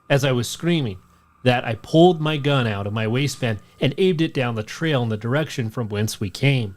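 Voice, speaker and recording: Male podcast co-host, mid-pitched, steady storytelling read of a listener tale. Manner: steady storytelling read, shouts out the quoted lines. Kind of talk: reading a listener story aloud.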